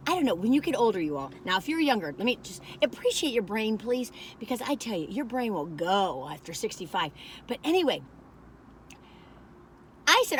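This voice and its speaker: A woman's voice: a little high, lively intonation, a little fast, pushed and bright, slight background noise. An older woman, rambling in a folksy, chatty way as she reviews food on a phone camera in a parked car.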